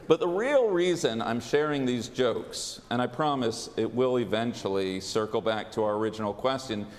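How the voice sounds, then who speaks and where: A man, a rabbi, giving a sermon in a measured, deliberate way with dry humor, in a large synagogue sanctuary on a pulpit microphone. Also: on the high side, slight background noise. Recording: long reverb of a large sanctuary.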